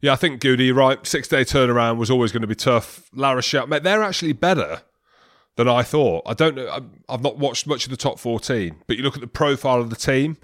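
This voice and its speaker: A man's voice: mid-range voice, fast, a bit bright, no echo, clean studio sound. A man co-hosting a rugby podcast, chatty and teasing in casual banter. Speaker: podcast co-host.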